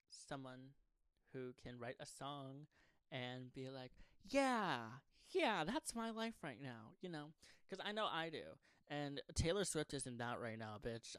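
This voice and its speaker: A man's voice: mid-range voice, a bit bright, dry recording. A young man, a pop singer-songwriter, talking casually and at length to his fans, rambling and swearing with sarcastic asides. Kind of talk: casual unscripted monologue to fans.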